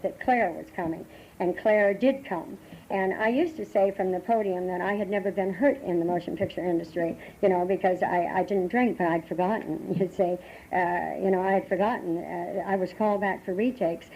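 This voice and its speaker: An older American woman sharing her recovery story at a meeting, halting and emotional, with many restarts, on a dull lo-fi tape from the 1980s. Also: on the low side, a little hiss or hum. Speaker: AA meeting speaker. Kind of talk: personal recovery talk.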